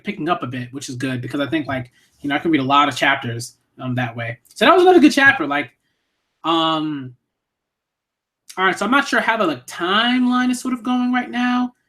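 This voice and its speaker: A manga reviewer streams a read-through, giving casual, rambling live commentary packed with fillers and swearing. His voice sits high and has a fairly bright tone.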